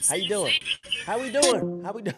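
A man's voice: high voice, lively intonation, a little fast, loud music behind the voice. A man putting on the voice of a laid-back male rapper, coaxing a stranger on video chat not to skip him. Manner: coaxing, keeps asking not to be skipped.

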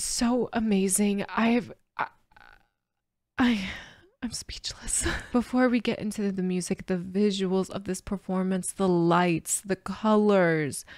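A woman vlogger reacting to music on camera, overwhelmed and emotional, talking in halting bursts with restarts and soft laughs, teary after crying. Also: medium pitch, gravelly, no echo, clean studio sound. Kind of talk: casual reaction commentary to camera.

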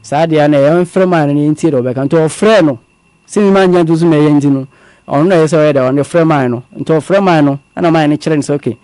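Male guest, measured testimony, slightly high but warm tone. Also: no echo. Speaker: guest telling his story. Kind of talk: conversational testimony.

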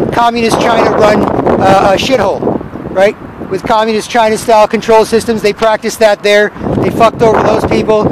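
A man's voice: sits high, very noisy. A man delivering a rambling, profane street rant outdoors in a city square. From Canada.

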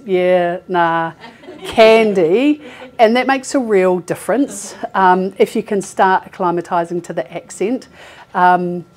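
In a meeting room before a live audience, a healthcare recruiter in her forties gives a loose, chatty talk. Her mid-range voice has a darkish tone, and she laughs often and uses many fillers.

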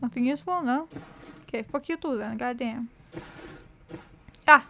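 A young woman with a high voice narrates her run through a horror game. She is jokey and sarcastic, cursing freely as she plays. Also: normal speed, gravelly, pushed and bright, a little hiss or hum. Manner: swears a lot, jokey and sarcastic. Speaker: let's play gamer. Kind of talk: horror gameplay commentary.

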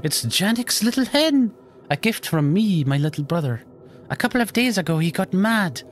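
A man voicing a suspicious old woman with chickens, in a high, wavering put-on Irish accent. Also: big pitch swings, moderate pace, a little hiss or hum. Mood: rambling.

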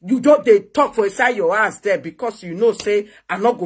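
A woman with a Nigerian accent delivers a heated rant on a phone live video, her voice husky and worn. She taunts and mocks her rival with a needling, scornful tone. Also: medium pitch, fast, few pauses. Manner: taunting and mocking. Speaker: social media personality.

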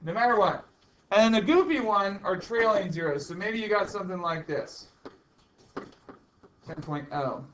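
A man's voice: high-pitched, normal speed, long pauses, noisy background. A male chemistry teacher lecturing a class, chatty and teasing, repeating the key points. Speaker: high school chemistry teacher.

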